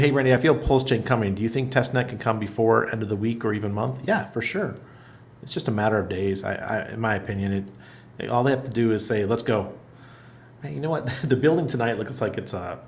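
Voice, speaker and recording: A middle-aged man hosting a casual livestream, reading viewer comments aloud in a loose, chatty way and laughing often. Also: medium pitch. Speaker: livestream host. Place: apartment in Panama.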